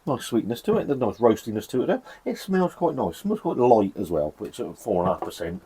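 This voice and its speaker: This English man talks in a mid-range voice with big pitch swings, a brisk pace, a dark tone and a breathy edge. Shivering in a freezing shed, he reviews a beer casually, swearing, chatting and rambling with self-deprecating laughs.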